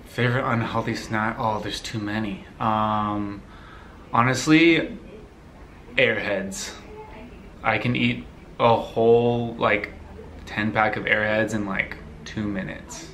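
A young man from the United States answering viewer questions in a relaxed, rambling way, laughing easily. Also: on the low side, takes it slowly, a little hiss or hum. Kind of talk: casual Q&A chat.

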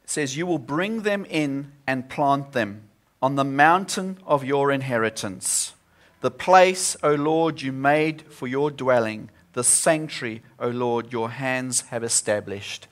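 A man's voice: medium pitch, takes it slowly. A man preaching a sermon at a church service, earnest and often repeating himself as he restarts.

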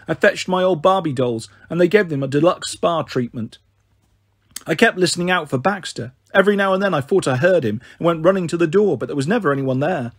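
A man narrating a children's novel in a steady, measured first-person reading. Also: a little high, slightly rough, no room sound, studio quality. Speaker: storyteller. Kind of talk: audiobook narration.

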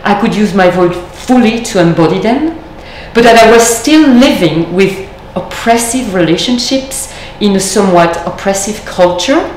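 A woman's voice: medium pitch, lively intonation, a little mellow. Woman lecturing in an echoey room. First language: French. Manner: measured, thoughtful, with deliberate pauses. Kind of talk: reflective lecture. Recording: echoey room, faint background noise.

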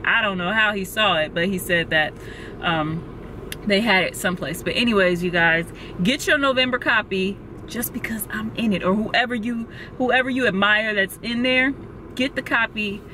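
A young woman vlogging from her car, gasping and exclaiming as she talks quickly and excitedly. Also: medium pitch, slight background noise. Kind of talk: excited casual vlog. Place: in a parked car. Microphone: phone camera held close.

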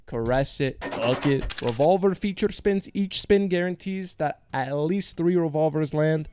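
A man giving casual slot gameplay commentary, joking in slang, swearing a lot and breaking into high yells on big wins. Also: unhurried, noisy background. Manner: slangy and joking, talks to viewers as bro and partner. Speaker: slot streamer.

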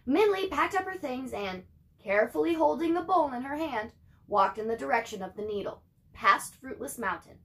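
A young teacher reading a chapter book aloud to her class, her high voice rising and falling with lively expression. She breaks off now and then for chatty, playful asides to her students. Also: moderate pace.

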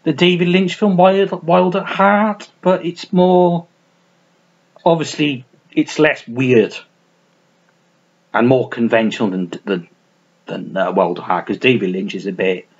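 A man chatting casually to camera about his film collection, rambling and swearing with many restarts and self-mocking asides, in a small warm room at home. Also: mid-range voice, steady tone, unhurried, breathy edge, dull audio. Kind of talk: casual unscripted chat to camera.

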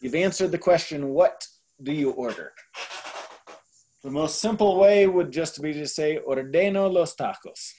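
A man's voice: a little high, unhurried, warm tone, a little hiss or hum. A man tutoring a Spanish class, explaining grammar patiently in a casual way. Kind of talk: online tutoring session.

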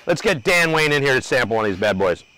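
A man's voice: medium pitch, very animated, fast, sharp tone, rough recording. Man, grill host, easygoing banter, outdoor cooking demo. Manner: loose, joking, talks to crew and viewers.

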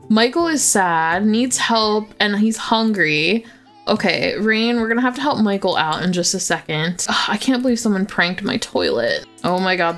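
A talkative woman narrating her gameplay in a loose, casual way, fond of the little characters on screen and full of filler words. Soft music plays faintly beneath her voice. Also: mid-range voice. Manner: chatty, fond, lots of "like" fillers. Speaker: gaming YouTuber.

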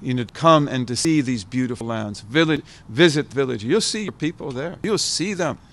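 An older American man giving an informal talk to a gathered audience. He speaks reflectively, circling back and repeating key words for emphasis. His voice sits at an ordinary middle pitch. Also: animated, normal speed, a bit bright. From United States. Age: 70s. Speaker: guest speaker, scholar.

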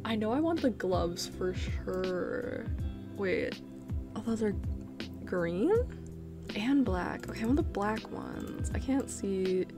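A young woman giving casual, chatty gameplay commentary, easily startled and quick to make fun of herself. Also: medium pitch, expressive, music in the background. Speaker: gaming video creator.

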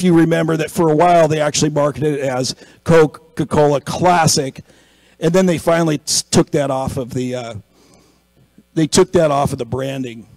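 Man, pastor, conversational sermon, storytelling, acts out voices, slightly high voice, dry close sound. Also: a little mellow, no room sound, poor audio. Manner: storytelling, acting out quoted people, rising to emphatic exhortation.

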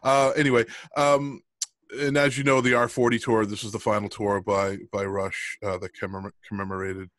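Middle-aged guy hosting a podcast, lowish voice, lots of ums, dry close sound. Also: level tone, moderate pace, a bit bright, no echo. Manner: rambling with many ums and restarts. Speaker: podcast co-host. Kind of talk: casual podcast chat.

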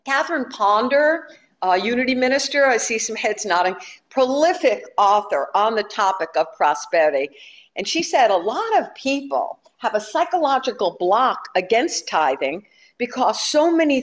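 A woman minister delivering a sermon with a slightly high-pitched voice. She talks conversationally, with light humor aimed at her congregation.

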